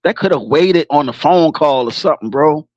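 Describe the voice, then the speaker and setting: A livestream host chats casually in slangy, rambling bursts, swearing freely, laughing and repeatedly stopping himself to regroup in an animated way. His voice is a little high and at normal speed, on dull audio with no room sound.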